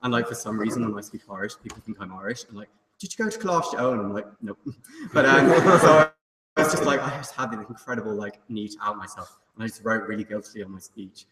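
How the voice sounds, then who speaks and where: A man's voice: fairly low pitch, expressive, fast. A young man giving a comic student debate speech, chatty and teasing, full of fillers. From England. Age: young adult. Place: large debating hall. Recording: echoey hall, far mic, loud noise.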